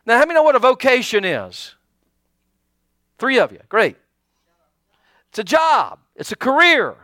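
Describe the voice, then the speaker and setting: A man pastor preaching a sermon, animated, calling out to his congregation and acting out little asides. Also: very high-pitched, unhurried, long pauses, no echo, clean studio sound.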